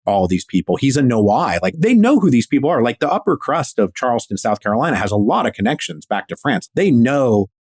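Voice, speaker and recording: A man's voice: mid-range voice, big pitch swings, fairly quick, hardly any pauses, darkish tone, husky, no echo. A man guest historian telling a story in a casual, enthusiastic, slangy way, acting out quotes.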